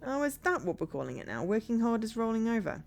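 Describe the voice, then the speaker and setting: A woman's voice: fairly high pitch, big pitch swings, fast talker, vocal fry, faint music behind, pitched above the performer's own voice. A woman voicing a tired young male band leader who sounds weary and defensive.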